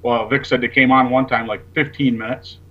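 A man's voice: medium pitch, flat delivery, fairly quick, highs cut off. A man, a talk show guest, telling a rambling story in casual chat and acting out the lines of the people in it. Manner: rambling, acts out quoted dialogue, swears casually.

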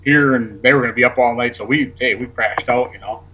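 A man's voice: medium pitch, a little fast, narrow, tinny audio, a crowd in the background. A man, a talk show guest, telling a rambling story in casual chat and acting out the lines of the people in it. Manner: rambling, acts out quoted dialogue, swears casually.

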